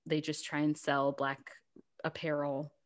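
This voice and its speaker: Animated woman in casual chat. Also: low voice, a little slow. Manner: animated, exclaims in disbelief. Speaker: podcast co-host.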